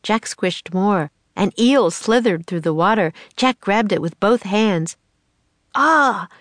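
A woman narrating a children's storybook aloud in a measured, expressive way. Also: medium pitch, dry recording. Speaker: audiobook narrator.

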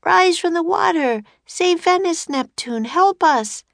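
A woman voicing an eager, bold young girl who calls out loudly over the wind in a storybook. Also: expressive, takes it slowly, gravelly, dry recording, full character voice. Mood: excited shouting. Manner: high, loud, calling out over wind.

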